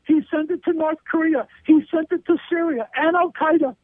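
A man's voice: extremely high pitch, steady tone, normal speed, few pauses, no echo. A man giving indignant, emphatic commentary in an interview, hammering his points through repetition. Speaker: guest commentator. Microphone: telephone line. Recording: tinny dry phone line.

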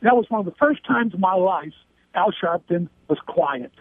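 A man's voice: sits high, expressive, moderate pace, no room sound. A man giving indignant, emphatic commentary in an interview, hammering his points through repetition. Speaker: guest commentator. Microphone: telephone line. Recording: tinny dry phone line.

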